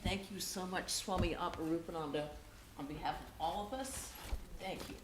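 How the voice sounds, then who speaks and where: Female host giving a brief, soft thank-you, recorded from far away with loud noise. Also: lowish voice, normal speed. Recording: distant echoey hall with loud noise.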